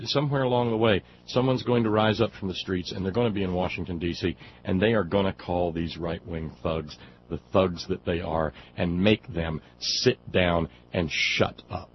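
Male talk radio host, low-pitched, combative and mocking, loose delivery, muffled audio. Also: normal speed. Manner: sarcastic, combative, many fillers and restarts. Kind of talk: political talk radio monologue. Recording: dull lo-fi radio audio with faint noise.

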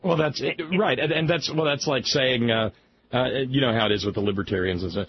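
A man hosting a radio talk show, answering a caller in a halting, thoughtful way. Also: medium pitch. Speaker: radio host. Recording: dull lo-fi sound with faint noise.

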